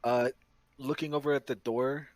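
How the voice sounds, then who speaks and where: A man playing in a tabletop game over voice chat, excitable and swearing, with the hiccups. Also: mid-range voice, normal speed. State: has the hiccups. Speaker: player.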